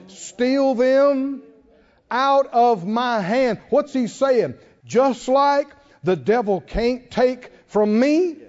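A man preaching a sermon, emphatic, repeating phrases and building to shouts. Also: high voice. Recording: long hall reverb, dull lo-fi sound.

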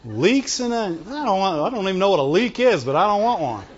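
Animated high-voiced preacher in a reverberant hall. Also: male voice, fast talker. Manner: animated, acts out whining voices, laughs often. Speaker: pastor. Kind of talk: sermon. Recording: dull sound with long hall reverb.

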